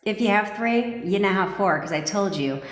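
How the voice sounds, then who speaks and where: A woman's voice: medium pitch, lively intonation, normal speed. A woman coaching viewers on a live stream, blunt, profane and commanding, joking with her audience. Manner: laughs and jokes with viewers. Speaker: manifestation coach. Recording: echoey room with long reverb.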